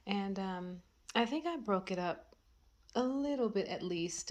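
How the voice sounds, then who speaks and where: A woman vlogging from her bedroom, thinking aloud in a soft, often half-whispered voice with lots of ums and trailing thoughts. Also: medium pitch, lively intonation, a little slow. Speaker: home decor vlogger. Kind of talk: casual thinking-aloud vlog.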